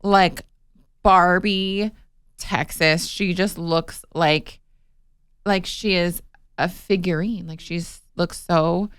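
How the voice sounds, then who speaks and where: Excited young woman hosting a podcast. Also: lowish voice, clean tone, dry recording, clean studio sound. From Nevada. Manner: excited, quick-talking, laughs often. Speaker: podcast host. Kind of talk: casual chat.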